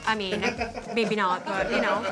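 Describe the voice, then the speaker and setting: A woman's voice: mid-range voice, fairly even intonation, moderate pace, loud music behind the voice, a loud crowd. A woman chatting casually and laughing often as she tastes strange foods. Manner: giggly, squeamish, laughs a lot. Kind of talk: casual food-tasting chat.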